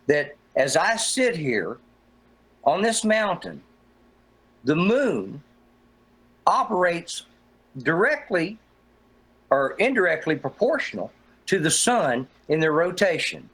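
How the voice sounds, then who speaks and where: A middle-aged man with a slightly high voice argues his case in a rambling, profane and combative way. He talks in a casual online debate chat, full of swearing and pushback. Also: big pitch swings, takes it slowly, long pauses, fairly bright tone, husky, rough recording. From Oregon, USA. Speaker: flat-earth guest in a debate hangout.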